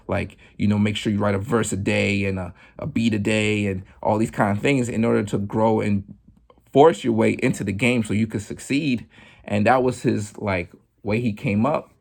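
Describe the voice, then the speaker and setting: Chatty man with a gravelly voice. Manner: relaxed and chatty, full of "like" and "you know", acts out quotes in a much higher voice. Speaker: podcast host. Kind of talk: casual commentary monologue.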